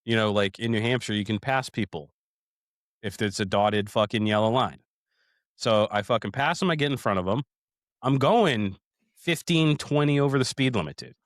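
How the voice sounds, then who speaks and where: A man's voice: fairly low pitch, moderate pace, no room sound, clean studio sound. Swearing man telling rambling stories. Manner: profane, rambling storyteller, calls listeners "dude". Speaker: podcast co-host. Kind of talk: casual podcast chat.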